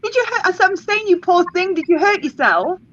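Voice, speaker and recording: A woman's voice: very high-pitched, expressive, fairly quick, no room sound. A woman chatting eagerly and asking lots of questions in a casual chat, heard over dull lo-fi call audio. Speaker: co-host.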